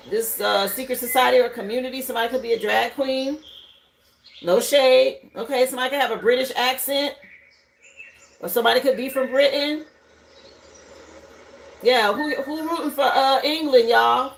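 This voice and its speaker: A high-pitched woman hosts a live tarot stream from home. She talks loosely and chattily, greeting viewers by name and musing aloud over each card. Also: gravelly, a little hiss or hum, poor audio. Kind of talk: casual live tarot reading. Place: home livestream setup, burning incense.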